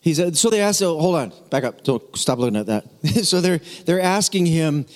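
A man's voice: on the high side, expressive, normal speed, long reverb tail. A middle-aged man preaching a sermon as pastor, talking in a conversational way with joking asides and frequent restarts.

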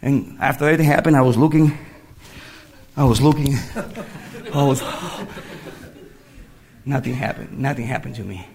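A man giving a personal faith testimony, telling his story in halting English and laughing through it. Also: medium pitch, vocal fry, a little mellow. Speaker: testimony speaker.

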